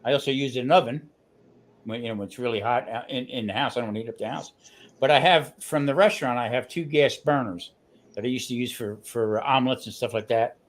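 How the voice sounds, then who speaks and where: A man with a New Jersey accent, telling stories in a casual chat, animated and full of restarts. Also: mid-range voice, a little fast. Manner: animated storyteller, restarts often. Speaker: guest cook on a grilling livestream.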